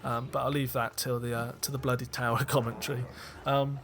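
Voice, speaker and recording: A man's voice: medium pitch, level tone, normal speed, a little hiss or hum. A man giving a casual, rambling commentary as a film director, candid and self-deprecating, with frequent ums and restarts.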